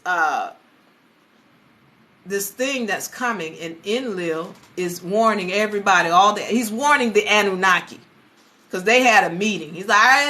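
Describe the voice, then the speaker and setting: A woman giving a casual, animated lecture, retelling stories conversationally. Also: mid-range voice. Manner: animated, conversational, acts out voices. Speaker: teacher.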